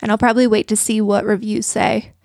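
A woman speaks on a podcast in a thoughtful, measured way. Her voice sits in a middle pitch, and the recording is dry and close. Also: little pitch movement, creaky, darkish tone, no echo. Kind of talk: casual chat.

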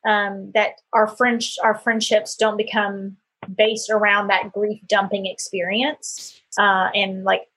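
A woman's voice: medium pitch, flat delivery, slow pace, a bit bright, slightly rough. A middle-aged woman hosting a podcast, chatting casually and telling personal anecdotes with lots of fillers. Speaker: podcast host. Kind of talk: casual conversational interview.

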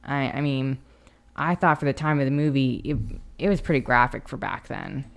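Low-voiced woman co-hosting a podcast. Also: normal speed, gravelly. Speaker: podcast co-host. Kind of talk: casual chat.

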